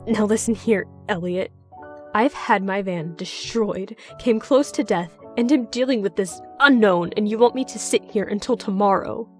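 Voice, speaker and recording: A frightened, worn-out stranded traveler acted by a woman at a mid pitch. He sounds anxious, pleading and defensive. Faint music runs under the horror reading. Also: fairly even intonation, takes it slowly, darkish tone, lightly acted.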